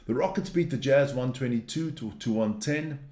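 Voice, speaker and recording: A man's voice: mid-range voice, normal speed, dark tone, reverberant. A man hosting a sports news show, reading through results in a casual, blunt and opinionated way, ranting and cursing as he goes.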